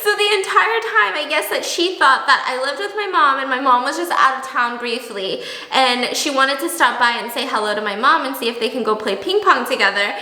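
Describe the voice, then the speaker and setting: A young woman chatting casually in a vlog, animated and laughing as she tells stories. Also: sits high, a little fast, reverberant, rough recording. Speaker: beauty vlogger.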